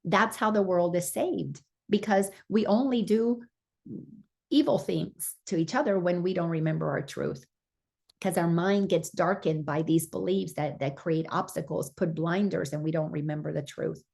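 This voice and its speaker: A woman with a low, husky voice talks through a spiritual lesson. She is earnest and encouraging, and sometimes restarts a phrase as she goes. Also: normal speed, a little mellow. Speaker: spiritual teacher.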